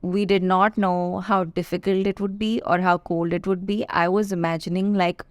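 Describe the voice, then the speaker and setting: A young woman from India hosts her own podcast, talking to listeners in a chatty, confiding way full of playful asides. Her voice sits on the low side, and the sound is dry and close with no room around it. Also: flat delivery, moderate pace, no room sound. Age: 20s. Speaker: podcast host. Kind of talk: casual solo podcast chat.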